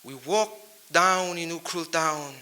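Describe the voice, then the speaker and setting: Sharp-voiced man giving a motivational speech. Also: a little high, slow pace. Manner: rhyming wordplay, punchy and emphatic. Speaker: motivational speaker. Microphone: handheld mic.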